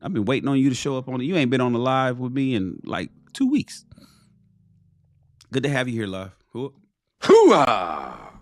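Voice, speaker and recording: A man's voice: medium pitch, brisk, a little mellow, dry recording, faint music behind. A man ranting bluntly and profanely on a casual live stream, preaching to his viewers.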